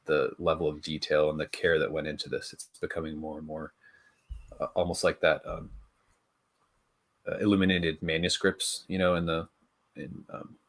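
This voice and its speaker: Game master: man with a very low, bass voice, halting, full of ums. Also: level tone, a bit bright. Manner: halting, many fillers and restarts. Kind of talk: narrating a tabletop game.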